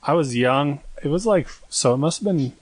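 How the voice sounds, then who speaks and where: A young man co-hosting a podcast, telling a story in a rambling, self-mocking way and jumping into a high voice for quoted lines. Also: moderate pace, no echo. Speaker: podcast co-host. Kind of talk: casual storytelling chat.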